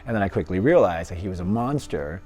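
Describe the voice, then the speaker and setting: A man, a former fighter, telling his life story in an interview, lively and often laughing as he acts out what others said. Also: sits low, fast, soft background music.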